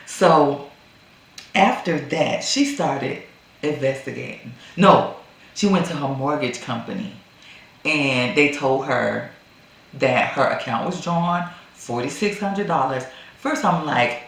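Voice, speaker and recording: A woman retelling a movie plot in a casual, animated way, acting out the characters' lines. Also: very deep voice, slow pace, gravelly. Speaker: movie reviewer. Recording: very echoey room.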